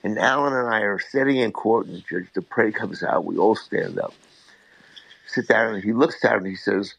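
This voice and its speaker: An older man, a defense attorney, answering interview questions in a measured, emphatic way. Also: fairly low pitch, creaky, a bit bright, no room sound, poor audio.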